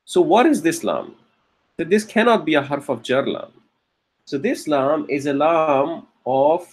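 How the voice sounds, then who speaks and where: A man teaching Arabic grammar in a classroom lecture, patiently checking in with frequent "okay?" and slowing down to stress key terms. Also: a little high, husky.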